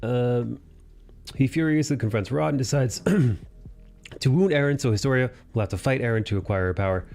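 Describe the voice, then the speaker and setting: A young man hosting a casual anime discussion podcast, recapping scenes animatedly and jumping into quick character voices. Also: medium pitch, gravelly, darkish tone. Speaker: podcast host.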